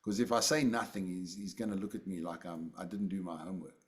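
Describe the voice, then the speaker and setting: A man's voice: sits low, steady tone, fast. A man leading a casual group session over a video call, rambling and self-deprecating, often repeating his words. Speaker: group facilitator.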